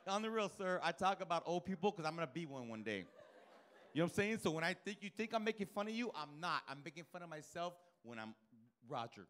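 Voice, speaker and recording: A male stand-up comedian riffs on people in the crowd, brash, profane and teasing. His voice sits high and bounces around animatedly. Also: animated, fast talker, fairly bright tone. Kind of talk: live stand-up crowd work. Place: comedy club stage before live audience.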